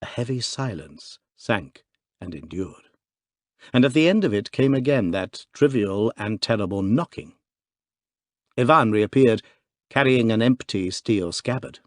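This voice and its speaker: A man narrating a classic detective story in an expressive, dramatic reading. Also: on the low side, unhurried, dry recording, clean studio sound. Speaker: audiobook narrator. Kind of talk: scripted narration.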